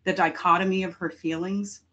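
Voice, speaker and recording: A woman co-hosting a casual film podcast, telling her views in an animated, expressive way. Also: fairly low pitch, moderate pace, husky, highs cut off. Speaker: podcast co-host. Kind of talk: casual discussion.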